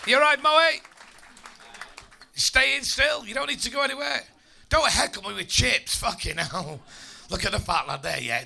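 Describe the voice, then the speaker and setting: Male comic, bright gravelly voice, teasing the crowd, audience noise behind. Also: high-pitched. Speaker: stand-up comedian. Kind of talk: crowd work.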